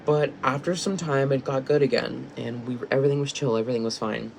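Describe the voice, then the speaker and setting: A man's voice: medium pitch, fairly even intonation, fast, creaky, a little hiss or hum, poor audio. A young man telling a personal story vlog-style, rambling with lots of fillers and restarts. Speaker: vlogger. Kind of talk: casual storytime.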